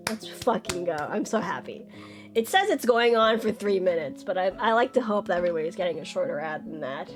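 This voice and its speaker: A woman's voice: mid-range voice, expressive, normal speed, soft background music. A young woman streaming, chatting casually and bubbly, jumping up into squeals when she greets her chat.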